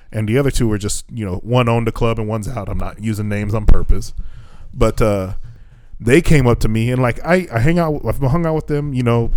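Profane, animated man telling stories. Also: mid-range voice, dry recording. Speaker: podcast co-host. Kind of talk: casual chat. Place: Japan.

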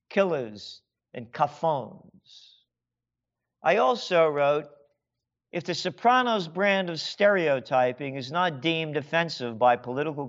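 A man's voice: fairly high pitch, dull audio. An American man and author ranting sarcastically in a monologue, firing off rhetorical questions in a heated tone. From United States.

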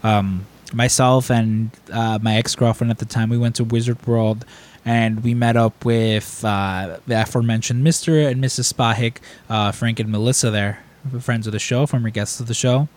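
A young man in a casual podcast chat, rambling through a story with plenty of fillers and false starts. His voice sits at an ordinary middle pitch, and his talk is loose and friendly. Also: steady tone, normal speed, a little mellow. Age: young adult. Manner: rambling, story-telling, lots of fillers and restarts. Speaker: podcast co-host.

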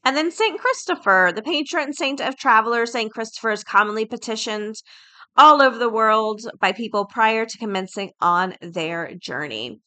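A woman's voice: on the high side, animated, normal speed, bright, forceful tone. A woman hosting a podcast, talking casually and reading aloud with filler words like uh and um. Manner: chatty, reads aloud with fillers. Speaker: podcast host.

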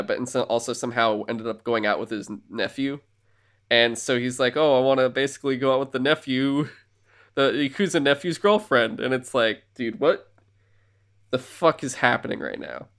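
Man, podcast co-host, casual chat, rambling movie recap, medium pitch. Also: clean tone. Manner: rambling, animated movie recap with acted-out quotes and laughs.

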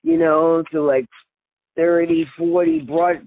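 An older woman with a husky voice, a singer being interviewed, telling stories animatedly, laughing often and acting out what people said, over a tinny phone line. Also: deep voice, steady tone, slow, no room sound. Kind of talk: casual storytelling.

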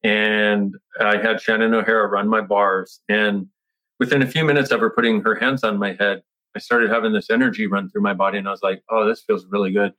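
A man's voice: on the low side, fairly even intonation, fairly quick, bright, forceful tone, rough recording. A middle-aged man telling a personal story in conversation, acting out his past self with exclamations and restarting his sentences often. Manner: frequent restarts and filler words. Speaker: interview guest.

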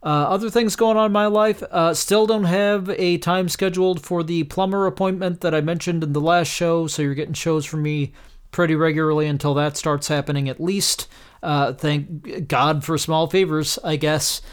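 A tired man rambles through a solo podcast, self-deprecating and full of "uh"s. His voice is smooth and clear and sits a touch high for a man. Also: fairly even intonation, normal speed. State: tired and a little tipsy. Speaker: podcast host. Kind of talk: casual solo podcast talk.

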